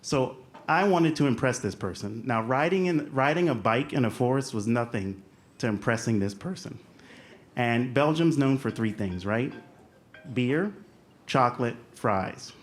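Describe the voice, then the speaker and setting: A man's voice: mid-range voice, lively intonation, measured pace. A young adult man from the United States with a light Southern American accent, telling a humorous, self-deprecating personal story on stage and acting out the voices he quotes.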